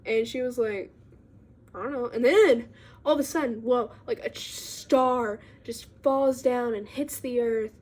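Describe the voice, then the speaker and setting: A young woman with a slightly high voice recaps a book in a loose, rambling way. She fills her talk with fillers and little giggly asides, chatting casually to her viewers. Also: measured pace, a little mellow. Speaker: book vlogger.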